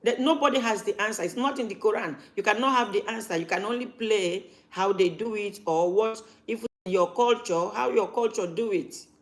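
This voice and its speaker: A woman's voice: mid-range voice, moderate pace, few pauses. A woman, talking casually to camera as a vlogger and repeating her points for emphasis.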